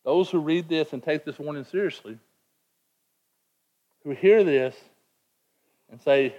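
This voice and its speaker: A man's voice: on the high side, unhurried, pauses often, darkish tone, dull audio. A man preaching a sermon in an earnest, emphatic way, often repeating words as he presses a point. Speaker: pastor.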